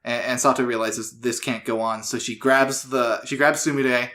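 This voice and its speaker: A man co-hosting a casual podcast, retelling an episode loosely with fillers and quick voiced-out quotes. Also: medium pitch, steady tone, sharp tone. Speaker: podcast co-host.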